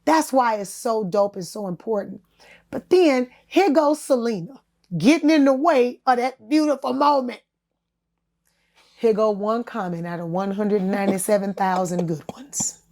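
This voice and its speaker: High-voiced slangy woman telling stories. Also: a little slow. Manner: animated, laughing, acts out other people's words; casual and slangy, calls the listener honey, baby, girl. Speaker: singer and talk show host as podcast guest. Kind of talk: candid storytelling interview chat.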